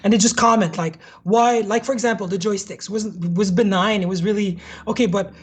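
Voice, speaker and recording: Blunt, husky-voiced woman with a French accent, candid guest talking shop. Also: medium pitch, steady tone, a little fast. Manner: blunt and candid, swears freely. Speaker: hardware developer, guest. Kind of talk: casual conversation.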